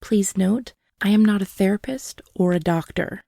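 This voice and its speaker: Soft-spoken, gravelly woman podcast host. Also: mid-range voice, normal speed, hardly any pauses. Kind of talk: reading a disclaimer and interviewing.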